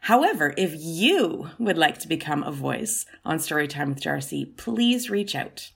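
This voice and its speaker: Woman storyteller, low-pitched, breathy and gravelly, soft near-whispered reading. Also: sing-song, unhurried. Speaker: podcast host and storyteller. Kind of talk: storybook narration.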